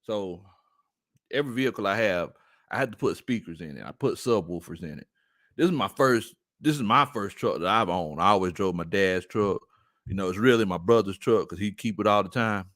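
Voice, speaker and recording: A man hosts a relaxed sports livestream, reading out chat comments and spinning stories between bursts of laughter. His voice is bright and forceful, and his pitch rises and falls widely as he talks. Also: brisk. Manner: laughs often, reads chat comments aloud, storytelling. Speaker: sports show host.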